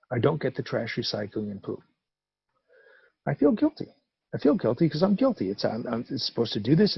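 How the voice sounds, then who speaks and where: A middle-aged man with a gravelly, husky voice tells a personal story at a recovery meeting. His pitch swings widely as he acts out the dialogue. The sound is dry and a little dull and lo-fi. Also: no room sound. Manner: animated storytelling, acting out dialogue. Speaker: guest speaker at a recovery meeting.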